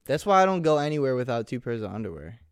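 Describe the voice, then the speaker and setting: A man's voice: medium pitch, big pitch swings, fast, clear, resonant tone, no echo, studio quality. A young man co-hosting a podcast, chatting casually with crude jokes and acting out his own stories. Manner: joking, swearing, acts out stories. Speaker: podcast co-host. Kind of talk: casual crude comedy chat.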